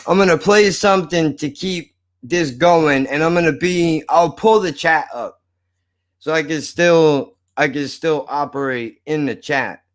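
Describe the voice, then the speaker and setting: A man rants live to his stream, his voice pitched a touch high. He mutters and swears in exasperation, half to himself and half to the chat. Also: measured pace. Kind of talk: frustrated off-the-cuff rant.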